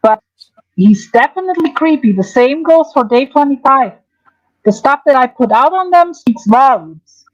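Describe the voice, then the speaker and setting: A woman hosting a casual livestream, talking in a halting, hesitant way with many restarts. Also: high voice, lively intonation, dry recording, highs cut off.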